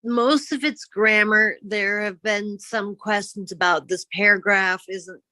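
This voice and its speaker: A woman's voice: mid-range voice, steady tone, unhurried, bright, forceful tone, no room sound. A woman from Minnesota, a guest author, chatting in a friendly, plain-spoken way over a phone video call. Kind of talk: casual interview chat.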